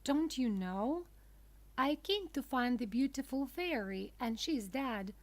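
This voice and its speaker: A woman's voice: high-pitched, lively intonation, slow. A woman voicing a tearful, eager wooden puppet boy in a children's storybook, with pleading, rising cries.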